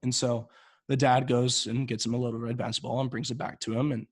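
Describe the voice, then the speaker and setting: A man's voice: mid-range voice, level tone, slightly rough, dry recording. Rambling young man telling a long joke. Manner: rambling joke storyteller, halting restarts. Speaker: podcast co-host. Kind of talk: casual podcast storytelling.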